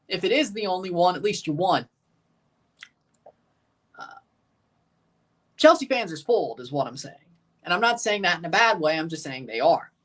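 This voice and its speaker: A man's voice: high voice, fairly bright tone. Rambling, chatty male streamer. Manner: chatty, rambling, answers chat, laughs at himself. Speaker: streamer hosting a match watchalong. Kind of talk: casual live reaction commentary.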